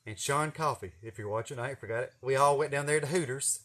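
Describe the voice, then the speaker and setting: A man's voice: medium pitch, quick pace, fairly bright tone. A man in his forties with an East Tennessee accent, telling a rambling, profane, folksy story on his vlog. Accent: Southern US, East Tennessee. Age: 40s. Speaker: vlogger. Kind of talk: casual storytelling.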